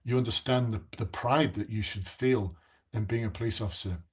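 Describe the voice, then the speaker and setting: A man's voice: lowish voice, fairly quick, slightly rough. A man, coaching police recruits in a live online class and telling stories earnestly and passionately, with frequent restarts.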